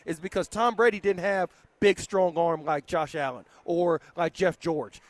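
A man, a former football player, making his points on a sports talk show with emphatic, drawn-out explanations. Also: fairly high pitch, dry recording.

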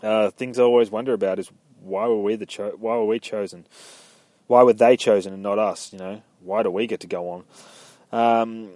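A man's voice: on the low side, steady tone, normal speed, a little mellow, dry recording. A young man casually retelling a game's story in a rambling, profane way, slipping into quoted voices. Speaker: gamer recapping a story.

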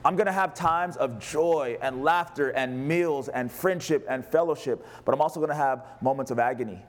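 A man preaching as pastor, passionate, moving between a raised voice and a hushed, tender delivery. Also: medium pitch, moderate pace. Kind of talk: sermon.

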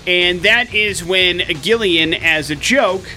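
Chatty male morning show host, lively storyteller, bright timbre. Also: high-pitched, slow pace, soft background music. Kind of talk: casual radio banter and storytelling. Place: radio studio.

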